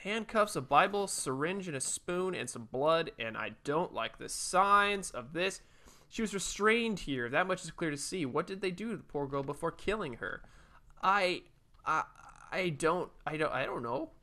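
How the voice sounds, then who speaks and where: A man with a bright, slightly high voice gives casual gameplay commentary from home. His pitch swings widely as he reacts. He is jumpy and swears freely. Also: animated, moderate pace. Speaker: let's play host. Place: home room with a cat nearby.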